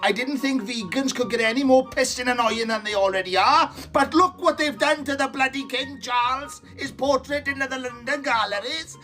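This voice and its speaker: A man's voice: very high voice, moderate pace, few pauses, bright, forceful tone, faint music behind. A man delivering a comic news rant, angry and full of swearing. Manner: angry, swearing, exaggerated ranting. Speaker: comedy creator.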